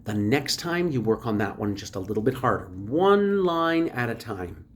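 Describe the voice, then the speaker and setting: A woman teaching a recorded voice lesson, explaining exercises and practice steps in a clear, instructive way. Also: rumbling low, very animated, moderate pace, a little hiss or hum.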